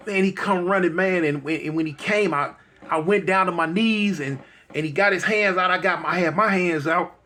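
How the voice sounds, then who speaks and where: A middle-aged man telling a personal story in a halting, moved way, repeating words and leaning on fillers. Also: high-pitched. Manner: soft-spoken and moved. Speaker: guest telling his life story.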